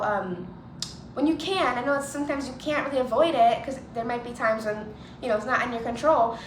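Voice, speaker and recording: Chatty young woman, high voice, echoey room. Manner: chatty, lots of "like", acts out quoted voices. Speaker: vlogger. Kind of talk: casual storytelling to camera. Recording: echoey room with clear ambient noise.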